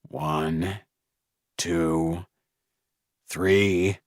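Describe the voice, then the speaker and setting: A man's voice: fairly low pitch, animated, a little slow, gravelly, a bit bright, breathy edge, no echo, studio quality, heavily acted. A man voicing an enraged, cruel male captor who roars and growls his threats, in an audiobook. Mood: menacing. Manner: roaring and growling.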